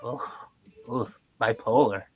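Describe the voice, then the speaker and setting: A man's voice: medium pitch, takes it slowly, breathy edge. A man with an ordinary mid-range voice chats casually as a player in a tabletop role-play game. He tends to stumble and repeat words as he talks.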